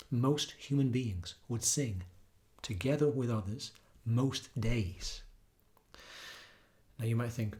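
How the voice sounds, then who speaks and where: A man, a yoga teacher, giving an earnest, reflective talk with gentle storytelling. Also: medium pitch. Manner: earnest, storytelling, breaks into soft singing.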